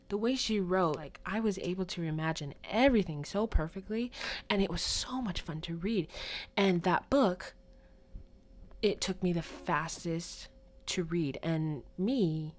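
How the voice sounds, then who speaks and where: Chatty young woman telling a story. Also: fairly low pitch. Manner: chatty, animated retelling with playful acted-out quotes. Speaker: podcast host. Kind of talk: casual solo podcast storytelling.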